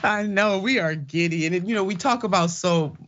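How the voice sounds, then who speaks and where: A woman's voice: medium pitch, normal speed, slight background noise. A woman hosting a political commentary show, exuberant and folksy, talking straight to her viewers. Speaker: host. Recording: slightly muffled, lo-fi audio.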